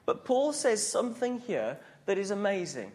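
A man's voice: high-pitched, sing-song, moderate pace, a little mellow. A man preaching a sermon to a congregation in a questioning, conversational way.

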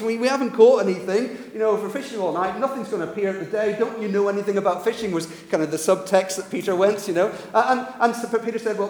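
Animated preacher in an echoing hall. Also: male voice, high voice. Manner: animated storytelling, repeats and restarts words. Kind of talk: sermon. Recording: echoey hall, reverb.

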